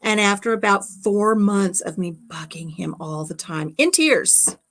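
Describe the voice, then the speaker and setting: A woman's voice: fairly low pitch, measured pace, a bit bright. A middle-aged woman hosting a casual livestream from her craft room at home, rambling and chatting as she reads viewer comments aloud. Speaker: livestream host.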